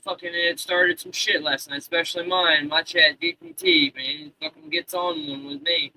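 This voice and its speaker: A man in his thirties hosting a live stream, talking loosely to his chat with constant swearing. His voice sits a little high and sounds very bright and forceful. He rambles, restarts and trails off as he goes. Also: little pitch movement, normal speed, rough recording. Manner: profane, rambling, talks to chat.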